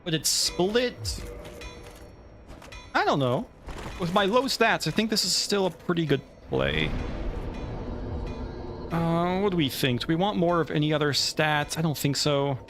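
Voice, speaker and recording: A man's voice: a little high, very animated, a little slow, pauses often, music in the background. A man giving casual let's play commentary, thinking aloud and cursing when the game goes badly.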